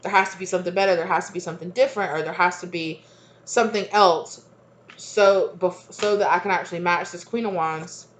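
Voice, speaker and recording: Rambling low-voiced woman tarot reader. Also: steady tone, fairly quick, a little hiss or hum. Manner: rambling, repeats herself, many fillers; laughs easily, chatty asides. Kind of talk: casual spoken tarot reading.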